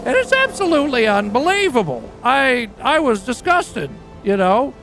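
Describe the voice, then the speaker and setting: A man playing a crude, boastful rock singer who rambles through profane, deadpan tall tales in a game roleplay. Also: very high voice, moderate pace, faint music behind, exaggerated voice. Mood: rambling, crude. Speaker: roleplay character.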